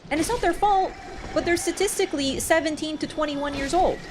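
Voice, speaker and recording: A young Canadian woman streams a game, chatting casually and sarcastically in a high, slightly fast voice, rambling with many asides over a noisy background.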